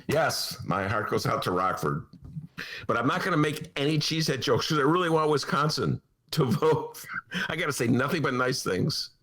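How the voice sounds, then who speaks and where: A man's voice: medium pitch, normal speed. A man hosting a talk podcast, chatting casually and joking, often slipping into voices. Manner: animated, jokey, slips into voices and impressions. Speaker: podcast host. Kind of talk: casual talk-show banter.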